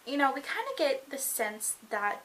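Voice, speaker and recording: A woman's voice: high voice, big pitch swings, normal speed, a bit bright, a little hiss or hum, rough recording. A young woman reviewing a book on camera, gushing and dramatic, rambling with lots of fillers. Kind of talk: excited casual book review.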